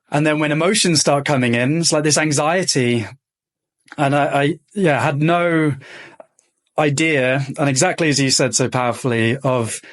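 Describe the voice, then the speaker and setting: Male podcast host, earnest and reflective, average pitch. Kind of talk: reflective personal sharing.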